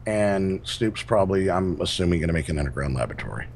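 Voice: sits low, animated, fast talker, darkish tone, slight background noise. A gamer joking around and leading tasks in casual chat with friends. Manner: joking, puts on silly twangs. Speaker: let's play gamer.

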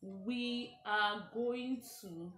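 A young woman hosting a casual party game, saying phrases slowly and mouthing them, often laughing. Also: mid-range voice, fairly bright tone. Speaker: vlogger host. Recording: echoey room.

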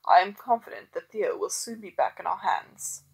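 A woman voicing a smug, scheming gentleman villain who talks with haughty relish and a menacing edge. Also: medium pitch, lively intonation, normal speed, creaky, slightly rough, full character voice.

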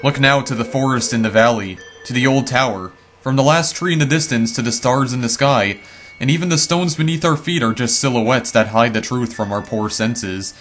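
A man's voice: mid-range voice, moderate pace, fairly bright tone, faint music behind, natural voice. A man reading a solemn dream voice. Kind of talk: reading game text aloud.

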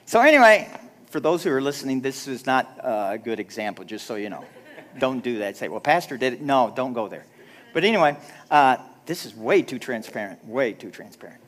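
A man's voice: mid-range voice, expressive, fairly quick, fairly bright tone. A middle-aged man, a pastor, preaching a chatty, self-deprecating sermon and acting out the dialogue in his stories. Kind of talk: sermon with storytelling. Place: church sanctuary.

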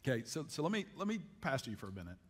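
A man's voice: mid-range voice, big pitch swings, racing. A man preaching a sermon as pastor, folksy and emphatic, with frequent restarts and dropped grammar. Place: church sanctuary. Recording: long reverb of a church hall.

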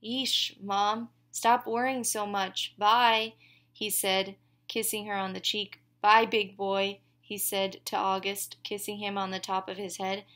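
A woman reads a novel aloud in the first person, scripted audiobook style, hinting at each character's dialogue with small shifts instead of full voices. Her mid-range voice is level and a bit bright, a little slow, with hardly any pauses.

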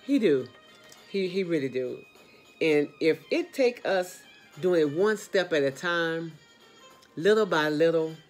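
A woman hosting a motivational talk, speaking straight to her viewers with encouragement, repeated phrases and sudden high exclamations. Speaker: motivational host.

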